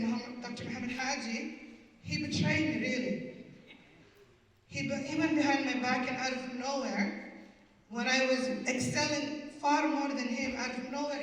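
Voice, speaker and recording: A woman's voice: fairly high pitch, a bit bright, a little hiss or hum. A woman in her fifties doing live stand-up storytelling, with a wry, punchy delivery full of wordplay. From Canada. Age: 50s. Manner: wry, punchy, plays with words and accents. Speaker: stand-up comedian. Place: community event hall. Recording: echoey hall from far off.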